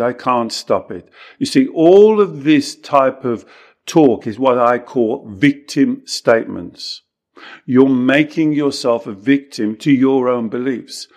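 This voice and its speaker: A man coaching and teaching in conversation, emphatic and lively, who often acts out what clients say. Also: medium pitch. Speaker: coach explaining his self-inquiry technique.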